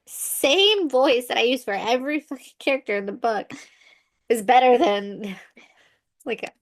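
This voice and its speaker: Young female co-host, nasal and gravelly, dry and teasing, casual podcast chat. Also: fairly high pitch, a little slow.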